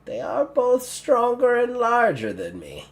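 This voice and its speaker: A man voicing a small, wary male goblin guard in a high, thin voice. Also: wildly swooping pitch, unhurried, full character voice.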